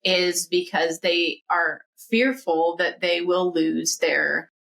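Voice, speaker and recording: A woman's voice: lowish voice, fairly even intonation, slow, creaky, a bit bright, poor audio. A woman hosting a podcast interview, affirming her guest with frequent agreement. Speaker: podcast host. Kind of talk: conversational interview.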